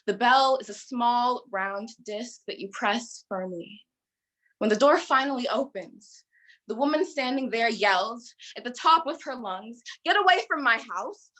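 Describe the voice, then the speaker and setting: Teenage girl reading poetry slowly. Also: on the high side, fairly bright tone, low-quality recording. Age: teens. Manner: slow, deliberate delivery. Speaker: youth slam poet. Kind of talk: spoken-word poetry performance.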